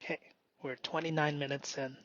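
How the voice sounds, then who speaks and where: A man doing a slow, meditative spoken self-reflection, halting and often dropping into a whisper. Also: fairly high pitch, level tone, fairly bright tone. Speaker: solo performer. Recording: dull lo-fi dry recording.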